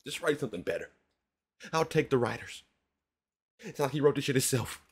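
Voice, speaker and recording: Hosting a music reaction video, a man talks in a casual, slangy style, launching into animated rants of mock outrage. His voice is medium-pitched and brisk with a breathy edge.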